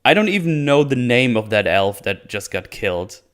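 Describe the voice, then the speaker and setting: A man's voice: medium pitch, very animated, moderate pace, fairly bright tone, smooth. A man giving casual spoken commentary as a reviewer, sarcastic and rambling, often breaking into laughter. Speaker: video reviewer.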